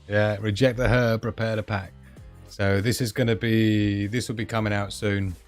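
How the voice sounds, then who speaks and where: A man's voice: on the low side, level tone, moderate pace, soft background music. A man hosting a casual live stream, rambling and giggly with lots of fillers.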